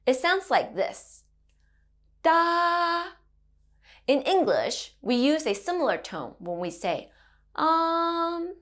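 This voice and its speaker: A woman in her thirties leads a children's Mandarin lesson at an unhurried pace. Her pitch swings widely and playfully as she models each sound, sitting a little high. She stays gentle and encouraging throughout. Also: very animated. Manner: gentle, encouraging, sing-song modelling of tones. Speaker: Mandarin teacher for kids.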